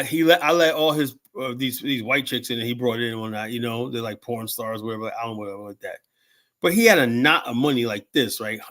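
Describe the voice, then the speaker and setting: A man's voice: mid-range voice, fairly bright tone. A man in his fifties telling rambling stories in casual talk, swearing freely and full of fillers and restarts. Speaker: show host telling stories.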